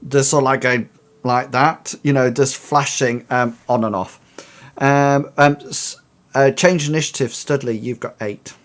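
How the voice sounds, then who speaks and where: A man narrating a tabletop role-playing game as game master, halting and full of restarts. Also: medium pitch, steady tone. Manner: hesitant, many fillers and restarts.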